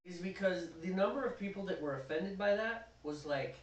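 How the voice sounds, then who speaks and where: A man's voice: high voice, expressive, fairly quick. A man co-hosting a homebrewing livestream, chatting casually and teasing viewers with jokes. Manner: joking, teasing banter. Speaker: homebrewing show co-host. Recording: roomy, distant mic.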